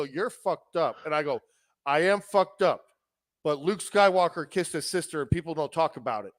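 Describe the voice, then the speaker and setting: A man's voice: on the high side, dry recording. A man co-hosting a podcast, telling a long story in a rambling, profane way and acting out other people's voices. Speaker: podcast co-host. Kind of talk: casual storytelling chat.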